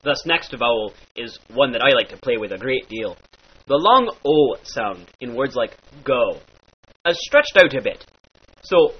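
Husky, lively man teaching vowel sounds. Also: mid-range voice, a little slow, lo-fi sound. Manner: playful mock-archaic phrasing, spelling out sounds. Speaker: accent teacher. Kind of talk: instructional voice lesson.

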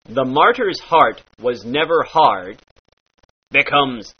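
An accent teacher gives a playful pirate-speech lesson, using mock-archaic phrasing and demonstrating each sound. His husky voice is on the high side and very animated, at a slow pace, in a dull lo-fi recording.

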